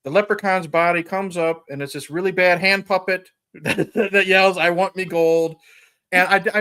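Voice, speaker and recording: Podcast host guy, bright and a bit high-pitched, rambling chuckly film recap. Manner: rambling, chuckling retelling with frequent "you know". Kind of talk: casual chat recapping a film.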